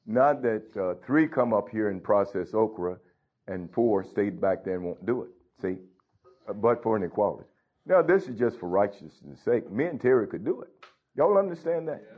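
A man's voice: on the low side, lively intonation, normal speed, slightly rough. A man preaching a sermon as pastor, reading scripture and bluntly scolding his congregation. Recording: dull lo-fi recording.

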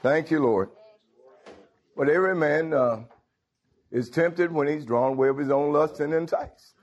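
A man preaching a sermon, firing rhetorical questions and swinging from low murmurs to loud exclamations, with chuckles between phrases. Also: unhurried, lo-fi sound.

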